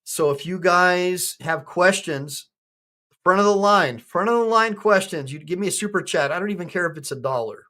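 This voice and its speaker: A man's voice: high-pitched, moderate pace, pushed and bright. Rambling, joking man hosting a stream. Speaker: attorney and livestream host. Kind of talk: casual livestream chat.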